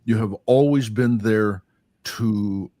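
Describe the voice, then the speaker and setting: A man's voice: lowish voice, slow pace, dark tone. A middle-aged man, a pastor hosting an interview, speaking in an affirming, reflective conversational way. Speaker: host and pastor. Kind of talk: casual interview chat.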